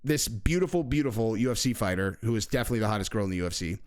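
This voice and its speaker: A man's voice: on the low side, lively intonation, racing, clean tone. A man hosting his own channel, talking crudely and casually, swearing and laughing at his own jokes. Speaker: YouTube host.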